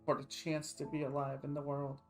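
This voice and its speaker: Calm, earnest male comforter, soft delivery, read aloud by a man, slightly high voice. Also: brisk, faint music behind, natural voice, rough recording. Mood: tender. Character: gentle grown man comforting a dying girl.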